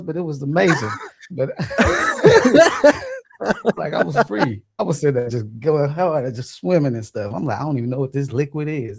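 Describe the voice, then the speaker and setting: Male guest, casual storyteller, laughs a lot, very animated pitch. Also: creaky, slightly rough. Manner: animated, laughing often, acts out quoted dialogue in slang. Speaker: guest sharing experiences.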